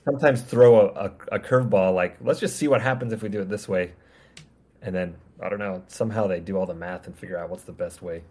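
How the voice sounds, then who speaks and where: A man from California with an American accent, chatting as a guest filmmaker in a relaxed, friendly way and often chuckling. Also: low voice, quick pace. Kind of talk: casual chat.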